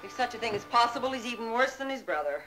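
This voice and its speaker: A woman's voice: fairly high pitch, animated, quick pace, pushed and bright, soft background music, rough recording. An actress playing a prim, fussy middle-aged woman in a 1960s sitcom, theatrical and gushing. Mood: scheming.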